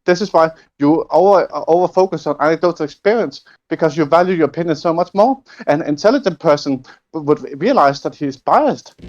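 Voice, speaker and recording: A man's voice: a little high, lively intonation, brisk, hardly any pauses, darkish tone, recorded from a distance, lo-fi sound. A man in a heated online debate, challenging and interrupting the others.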